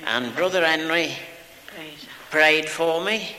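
A man's voice: a little high, slow, pushed and bright. A man giving an earnest spoken testimony of healing at a revival meeting. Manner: plain earnest telling. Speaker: testifying church member. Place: church hall. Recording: long hall reverb with crowd.

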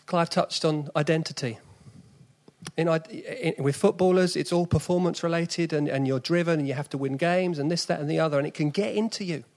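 A man in his forties preaching with a South East London accent. His voice sits fairly high, and he speaks in an earnest, conversational way that climbs into emphatic lists. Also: brisk, a little mellow. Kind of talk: sermon.

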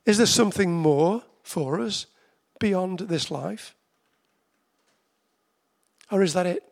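A man preaching a sermon, his voice pitched high for a man with a gravelly, creaky edge. He talks to his listeners conversationally, then slows right down to hammer home repeated phrases. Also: lively intonation. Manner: conversational, with slow emphatic repetitions.

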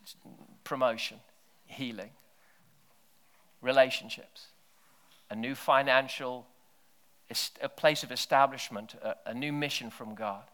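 Bright-voiced preacher, hushed to shouting. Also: male voice, mid-range voice, fairly even intonation, unhurried, long pauses. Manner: swings from hushed near-whispers to loud shouted bursts. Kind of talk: sermon with storytelling.

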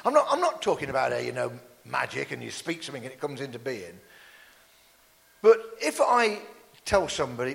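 Lively, jokey male preacher. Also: medium pitch, a little fast, gravelly, long reverb tail. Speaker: pastor. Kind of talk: sermon. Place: church.

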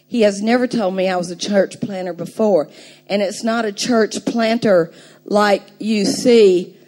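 An older woman preaching a sermon, telling a story with animated emphasis and laughing now and then. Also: medium pitch.

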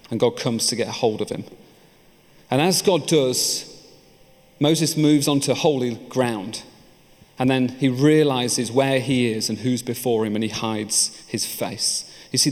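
A man preaching a sermon in a church, earnest and personal, telling his own story between points. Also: mid-range voice. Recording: echoey church hall.

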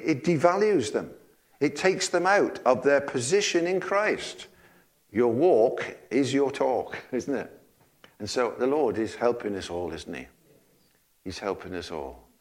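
A man delivers a conversational sermon in a church, his voice sitting at an ordinary middle pitch. He preaches in a folksy way, stumbles over and repeats words, and keeps checking in with the congregation through rhetorical questions. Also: expressive, measured pace. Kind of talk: informal sermon.

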